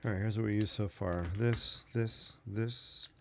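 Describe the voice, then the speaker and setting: Host, male, low and gravelly; relaxed running commentary while drawing. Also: measured pace, slight background noise. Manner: chatty, thinks aloud while drawing. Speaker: sketching channel host. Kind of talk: casual narration while sketching.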